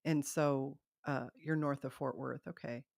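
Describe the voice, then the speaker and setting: Gravelly-voiced chatty woman host. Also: a bass voice, fairly even intonation, unhurried, darkish tone, no room sound, studio quality. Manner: chatty, rambling, laughs often. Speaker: livestream host. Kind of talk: casual live chat.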